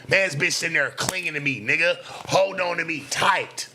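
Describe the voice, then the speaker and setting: A man's voice: on the high side, gravelly, sharp tone, a little hiss or hum. A man from the US West Coast, a streamer giving a heated, profane reaction commentary. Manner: profane, heated, rapid-fire ranting.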